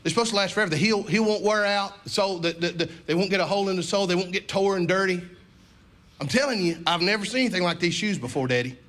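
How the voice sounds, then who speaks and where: A man preaching an animated storytelling sermon in a church, calling for responses. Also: sits high, fast talker. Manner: animated, repetitive, call-and-response.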